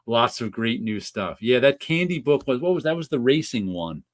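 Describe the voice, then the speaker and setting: A man hosting a casual comic book chat, lively and quick to joke. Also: mid-range voice. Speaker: podcast host.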